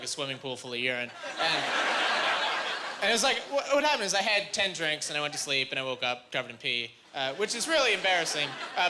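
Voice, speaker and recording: A young man performing a stand-up set, telling a story with animated, high-jumping quoted voices. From Canada. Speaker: stand-up comedian. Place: comedy club stage. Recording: live club recording, audible room noise.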